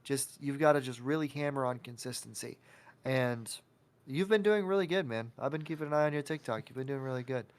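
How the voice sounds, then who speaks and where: A man's voice: medium pitch, fairly quick, clean tone. A man hosting a podcast interview, talking casually and giving an encouraging, motivational pep talk. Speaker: podcast host.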